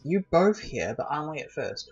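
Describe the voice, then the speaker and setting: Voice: mid-range voice, sing-song, normal speed, over music. A game master narrating a tabletop game, stammering and chuckling through descriptions. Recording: slightly dull lo-fi audio.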